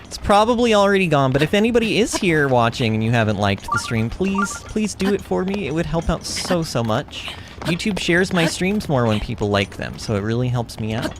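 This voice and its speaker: A woman's voice: low voice, very animated, brisk, noisy background. A woman streaming a video game and chatting casually with her viewers, talking in a bubbly way with lots of fillers and restarts. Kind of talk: casual livestream chat while playing.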